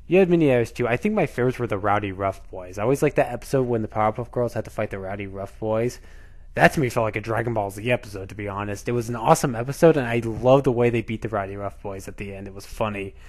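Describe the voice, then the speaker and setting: A man in his twenties hosting a casual countdown video, chatty and enthusiastic, often repeating himself. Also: fairly low pitch. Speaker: video host.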